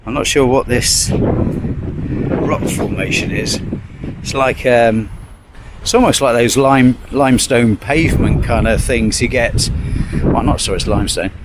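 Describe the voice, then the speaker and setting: A man's voice: mid-range voice, a little slow. A man in his fifties vlogging his van life in a chatty, wry, self-mocking way, filming outdoors and in his van on a handheld camera. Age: 50s. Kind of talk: casual travel vlog. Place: outdoors on a windy coast and inside a van. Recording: wind noise on the mic. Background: wind and waves.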